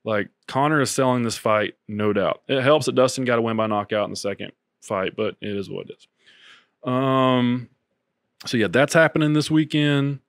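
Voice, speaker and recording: A man's voice: medium pitch, moderate pace, no echo, clean studio sound. A man co-hosting a podcast, chatting casually and recapping stories with plenty of filler words. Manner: relaxed storytelling with filler words. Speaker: podcast co-host. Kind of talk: casual chat.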